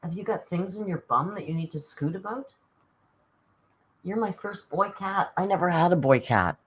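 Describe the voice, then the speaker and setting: A woman's voice: lowish voice, expressive, normal speed, breathy edge, poor audio. A woman hosting a casual live stream, chatting to viewers and cooing at her cat. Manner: chatty, coos baby talk to her cat.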